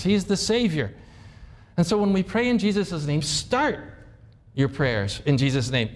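High-voiced man preaching a sermon. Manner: conversational, asks the congregation questions; acts out sample prayers in his own voice. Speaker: pastor.

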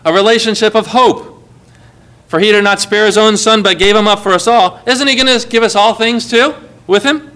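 A middle-aged pastor delivers a sermon in a high, bright voice. He swings between emphatic, lifted phrases and soft, hushed asides. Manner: preaching with emphatic rises and quiet, hushed asides.

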